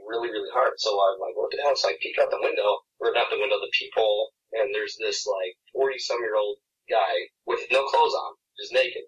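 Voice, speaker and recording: A man's voice: lowish voice, fairly bright tone, far from the mic, highs cut off. A man on a podcast telling a long story in a casual, rambling way, full of "like" and laughs. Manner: rambling, laughing, lots of "like" and "I'm like". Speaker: podcast co-host.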